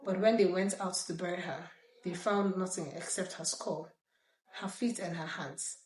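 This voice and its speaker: A woman's voice: on the low side, normal speed, slight background noise. Woman reading scripture aloud, roomy sound. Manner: lively reading, breaks off with chatty asides. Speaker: Bible reader. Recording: roomy echo.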